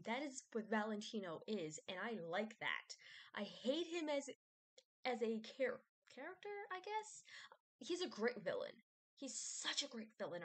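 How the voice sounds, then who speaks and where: A woman vlogger rambling casually, with many fillers, restarts and self-doubt. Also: medium pitch.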